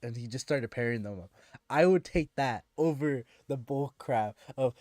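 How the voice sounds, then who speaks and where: A man's voice: medium pitch, moderate pace, darkish tone, no room sound, clean studio sound. A man streaming and chatting casually with viewers, ranting in an exasperated way and often restarting his sentences.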